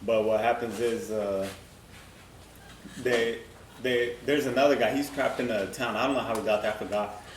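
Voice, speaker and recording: A man's voice: mid-range voice, fairly even intonation, normal speed. A young man in casual podcast chat, laid-back, recapping and asking prompting questions. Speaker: podcast co-host. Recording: distant, echoey room, faint noise.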